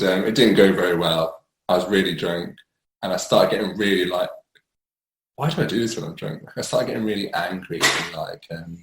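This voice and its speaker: A man's voice: lowish voice, roomy sound, rough recording. A young man telling his own addiction story candidly, rambling with many fillers and restarts and laughing at himself. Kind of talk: candid personal monologue.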